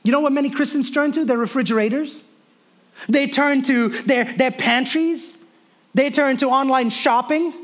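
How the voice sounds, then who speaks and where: A male pastor preaching a sermon, earnest and personal, often repeating words and moving between raised and hushed delivery. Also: extremely high pitch, moderate pace.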